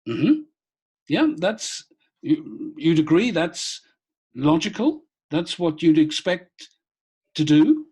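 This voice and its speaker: A man's voice: fairly high pitch, sing-song, slow, pauses often, darkish tone, breathy edge. A middle-aged man, a former police officer, telling a story on a video call with many hesitant restarts. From Britain. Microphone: laptop on a video call.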